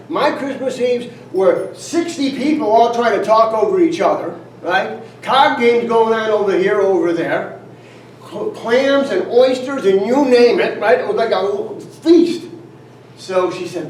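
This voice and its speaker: A man's voice: high voice, animated, measured pace, a little hiss or hum. An older man giving a folksy storytelling speech at a company event, tossing in frequent "right?" asides and chuckles. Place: event room at a company trip. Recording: roomy, distant mic with faint ambience.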